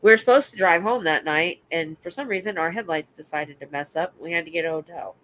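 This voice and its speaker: A woman with a stuffy nose, hosting a casual late-night livestream, chatting loudly, laughing often and reading out comments. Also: on the low side, a little fast. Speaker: livestream host. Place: home.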